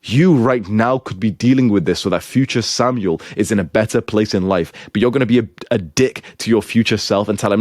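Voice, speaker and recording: A young man with a fairly low voice talks straight into a dry, close mic with almost no room sound. He scolds and swears as he gives blunt relationship advice, and his manner stays crude and harsh. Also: fairly quick, few pauses, darkish tone, dry recording. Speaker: self-improvement advice host.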